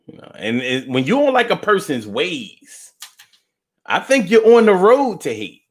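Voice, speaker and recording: At a moderate pace and with a breathy edge, a man hosts a casual live stream and reads viewer comments aloud. He responds in a playful, crude, animated way, flipping between loud outbursts and low mutters.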